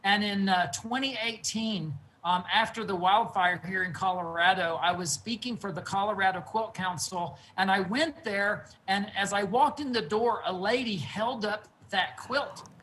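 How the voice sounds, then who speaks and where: A man's voice: sits high, bright, forceful tone, a little hiss or hum, poor audio. Earnest man telling stories over a video call. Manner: earnest, unhurried storyteller. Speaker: guest quilt artist. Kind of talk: casual storytelling interview. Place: his quilting studio.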